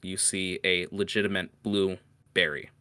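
A man's voice: deep voice, flat delivery, normal speed, sharp tone, no room sound. A man narrating as game master of a tabletop game, hesitant with many fillers.

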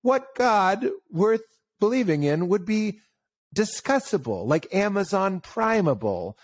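A man in casual conversation who tells stories with animation, often jumps up in pitch for emphasis and acts out the voices he quotes. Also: very animated, measured pace, no echo.

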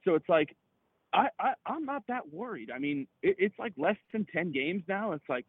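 A man in casual sports chat on a podcast, excitable and profane, rambling with lots of fillers. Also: sits high, normal speed, slightly rough, no room sound. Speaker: podcast co-host. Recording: tinny phone-like line.

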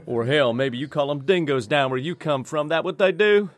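An actor playing a rough, folksy, belligerent gambler. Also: male voice, a little high, normal speed, natural voice. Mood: brash suspicious. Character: brash, hot-tempered American gambler man.

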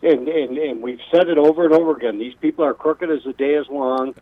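Guy calling into talk radio, tinny phone line, halting, keeps repeating words. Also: fairly high pitch, no room sound. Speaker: caller.

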